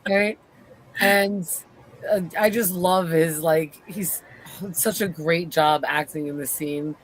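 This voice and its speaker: A co-host giving a casual recap of a show episode, acting out the characters' lines as they go. The retelling is animated and quick. A faint noise floor sits under the voice. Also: medium pitch. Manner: animated retelling, acts out quotes. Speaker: podcast co-host.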